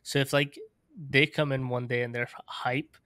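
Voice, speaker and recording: A male podcast host speaks in a laid-back, filler-heavy way, with an occasional swear word. His voice is smooth but quite flat. The recording is dry and close. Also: mid-range voice, moderate pace, no echo. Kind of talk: casual conversational interview.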